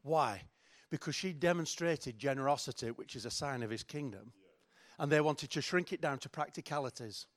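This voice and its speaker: A man's voice: mid-range voice, moderate pace. A middle-aged man preaching a sermon in a chatty, joking, self-mocking way. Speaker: pastor.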